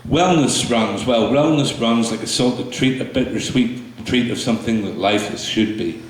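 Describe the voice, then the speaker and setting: A man performing his spoken word poetry to a small audience, slow and halting between pieces, with fillers and restarts. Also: mid-range voice. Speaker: poet performing his work. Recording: echoey room, mic far off.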